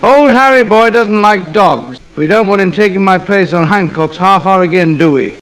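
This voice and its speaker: A man voicing a pompous, self-pitying suburban gent who is quick to get indignant, in an AI-voiced comedy sketch. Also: sits high, a bit bright, low-quality recording.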